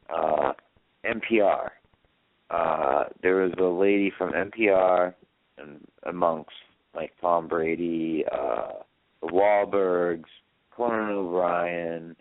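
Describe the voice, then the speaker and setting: A man's voice: low voice, slow pace, no room sound. A man chatting on a radio show, telling long rambling stories full of fillers and restarts. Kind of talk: casual chat on a call-in radio show. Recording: dry phone-line audio.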